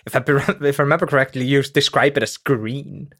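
A man's voice: medium pitch, steady tone, fairly quick, a bit bright. A man co-hosting a casual podcast chat, talking about himself earnestly and with self-deprecation, often restarting his sentences. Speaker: podcast co-host.

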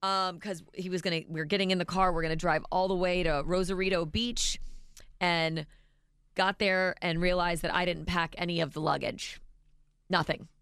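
A middle-aged woman co-hosting a morning radio show, telling stories in an animated way and laughing often. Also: fairly low pitch, normal speed, clean tone, no room sound, clean studio sound. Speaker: radio co-host. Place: radio studio. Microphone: studio mic.

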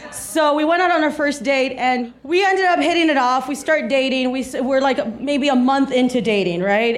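A woman in her thirties from South Texas performing a stand-up set, telling a story with animated delivery and acting out the people in it. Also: sits high. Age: 30s. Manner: animated storytelling, acts out voices, laughs along. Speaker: stand-up comedian.

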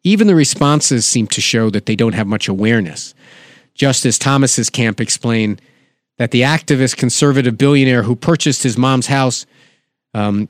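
Guy doing dry sarcastic political commentary, middle pitch, no room sound. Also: dry recording. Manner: sardonic, reads quotes aloud with asides. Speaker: podcast host.

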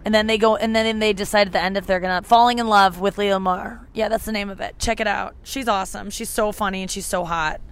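A young woman hosts her podcast in loose, rambling chat, often breaking off mid-thought. Her voice is smooth and clear, pitched in an ordinary middle range. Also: fairly even intonation, quick pace, hardly any pauses. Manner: chatty, rambling, self-interrupting. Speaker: podcast host. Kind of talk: casual chat.

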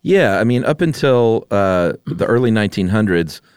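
A man co-hosting a podcast in casual chat, laid-back and quick to laugh. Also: lowish voice, expressive, a little mellow, clean tone, dry recording, clean studio sound. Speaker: podcast co-host.

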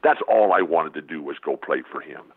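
A man's voice: a bass voice, animated, a little fast, breathy edge. An older man, a former basketball player, telling stories as an exuberant interview guest with emphatic repetition. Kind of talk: animated storytelling interview. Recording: phone-like narrow band.

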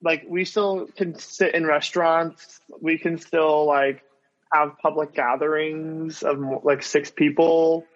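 A man's voice: fairly high pitch, steady tone, slow. A young man rambling through a story on a video call, with constant "like" fillers and restarts. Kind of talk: casual video call chat. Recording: dull lo-fi call audio.

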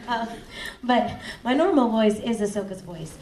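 A woman's voice: medium pitch, moderate pace. A woman who narrates audiobooks, chatting casually on a panel with many ums. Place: live event stage. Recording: roomy, distant mic, faint noise.

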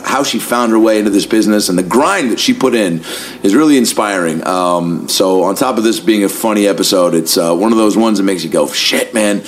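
A man hosting a podcast, talking in a casual, energetic monologue full of swearing and fillers. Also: lowish voice, a little hiss or hum. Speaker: podcast host.

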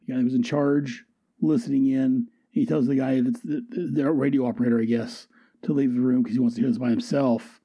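A man's voice: mid-range voice, steady tone, brisk, mellow, no room sound. A man giving a casual, rambling and enthusiastic comic book review, often restarting and correcting himself.

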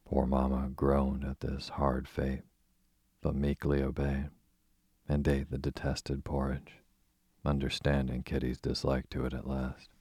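A man reads an old-fashioned children's story in an extremely deep voice with a husky grain. His delivery is steady and almost monotone. The recording is dry and close. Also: unhurried, dry recording. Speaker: audiobook narrator. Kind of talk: storybook narration.

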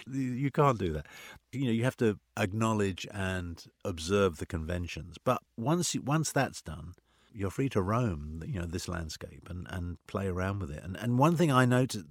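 A middle-aged man, an actor, talking in an interview in an animated, anecdotal way full of "you know" asides. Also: fairly low pitch, no echo, studio quality. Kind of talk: conversational interview.

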